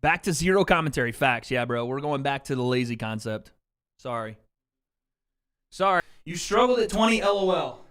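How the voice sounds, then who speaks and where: A man's voice: medium pitch, lively intonation, normal speed, a bit bright. A man hosting a casual livestream, chatting loosely with his viewers through a desk mic and tossing in plenty of "bro" and "dude.". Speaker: livestream host. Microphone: desk mic with mixer.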